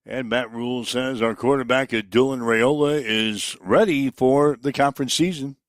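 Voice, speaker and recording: A man hosting a sports talk show, introducing clips and reading community announcements in a steady, measured way. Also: mid-range voice, no echo, studio quality. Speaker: sports radio host.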